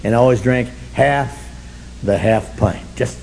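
An older man sharing his story at a recovery meeting, sardonic and humorous, breaking into shouts. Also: medium pitch, unhurried, vocal fry, a little hiss or hum, rough recording. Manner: animated, sardonic, bursts into shouting.

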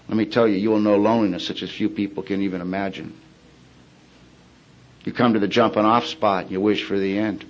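A man's voice: fairly low pitch, muffled recording. Plain-spoken man telling his recovery story. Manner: colloquial, plain-spoken storytelling with dark humor. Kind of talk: personal testimony at a recovery meeting.

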